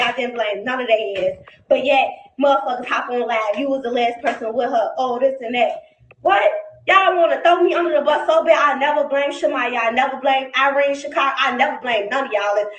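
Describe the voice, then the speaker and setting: This angry live-stream rant comes from a woman with a high, somewhat bright voice who swears a lot, repeats herself and gets louder as she defends herself. Echo, noise and playback clicks fill the recording.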